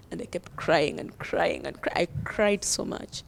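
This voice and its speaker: A woman's voice: on the low side, unhurried, vocal fry, a little hiss or hum. A young woman, a guest telling her own story earnestly and often laughing through it. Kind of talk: personal storytelling.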